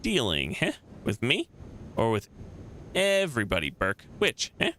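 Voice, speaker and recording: A man voicing a filthy, wheezing, suspicious short man who is quick to anger, in gruff, clipped bursts. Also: medium pitch, wildly swooping pitch, sharp tone, a little hiss or hum, heavily acted.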